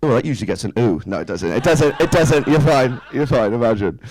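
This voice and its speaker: A man's voice: medium pitch, lively intonation, a little fast, a little mellow, soft background music, poor audio. A man, doing a stand-up set in a small club, chatty and self-mocking, tossing rhetorical questions at the crowd. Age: 30s. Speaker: stand-up comedian. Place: small indoor comedy club stage.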